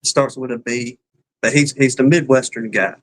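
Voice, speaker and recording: A man's voice: mid-range voice, fairly even intonation, moderate pace, rough recording. Folksy Southern man chatting. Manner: folksy, rambling, drawling with fillers. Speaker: beekeeping livestream co-host. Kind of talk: casual chat.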